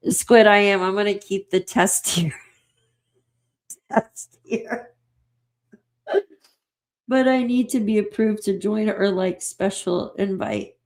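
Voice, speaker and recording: A woman's voice: mid-range voice, moderate pace, hardly any pauses. A woman hosting a livestream in casual chat, reading out comments and laughing often. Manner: laughs often, giggly and excitable. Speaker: livestream host.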